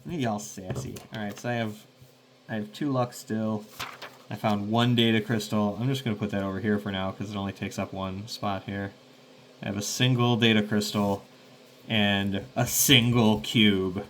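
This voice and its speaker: A man's voice: lowish voice, flat delivery, normal speed, fairly bright tone, a little hiss or hum. Rambling man thinking aloud. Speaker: solo game player and host. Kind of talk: casual solo tabletop play-through.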